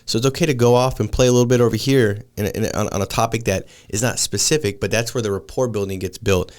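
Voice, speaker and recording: A man's voice: on the low side, steady tone, quick pace. A man in his thirties hosting a casual podcast chat, laid-back and calling his guest dude and man. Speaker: podcast host.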